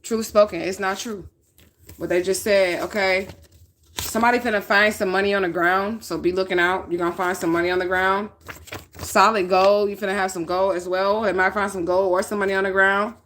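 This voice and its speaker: A woman's voice: medium pitch, a bit bright, a little hiss or hum. Lady reading tarot cards, talks blunt and swears a lot, mid-height voice, says okay all the time. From northern United States. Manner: blunt, profane, checks in with 'okay?'. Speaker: tarot reader. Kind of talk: casual spiritual reading.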